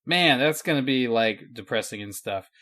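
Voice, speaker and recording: A man's voice: mid-range voice, expressive, moderate pace, sharp tone. A man co-hosting a casual podcast over a call, wry and self-deprecating. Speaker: podcast co-host. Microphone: remote video call.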